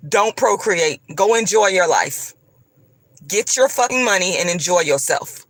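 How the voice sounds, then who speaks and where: A woman's voice: fairly low pitch, a bit bright, no echo. A woman vlogger delivering a profane, combative, preachy rant straight to her viewers. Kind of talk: ranting monologue to camera.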